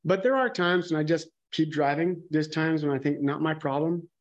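A man's voice: on the high side, normal speed, lo-fi sound. Candid man preaching a conversational sermon. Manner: candid, musing, thinks aloud with frequent restarts.

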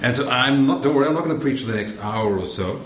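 South African preacher in a roomy church. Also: male voice, mid-range voice, expressive, fast talker. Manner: friendly and joking with the congregation. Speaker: guest preacher. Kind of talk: sermon. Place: church sanctuary. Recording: roomy church sound, faint noise.

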